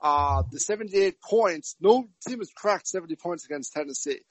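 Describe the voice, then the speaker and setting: A man's voice: sits high, lively intonation, normal speed, no echo, rough recording. A young man co-hosting a casual sports chat, making emphatic, opinionated points backed by stats. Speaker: podcast co-host.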